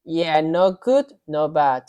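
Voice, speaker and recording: Low-voiced woman. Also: takes it slowly, clean tone, no room sound, highs cut off. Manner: lively, storytelling, non-native phrasing. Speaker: podcast co-host teaching Spanish. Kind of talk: casual language lesson chat.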